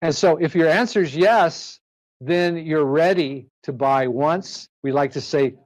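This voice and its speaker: A man giving a persuasive live sales pitch to an audience in a presentation room, firing rhetorical questions at the crowd. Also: measured pace.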